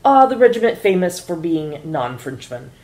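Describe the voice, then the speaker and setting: A woman reading the part of a sly, smooth-talking male airline first officer in a casual script read-through, in a teasing, mock-formal announcer tone. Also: deep voice, very animated, moderate pace, a little mellow.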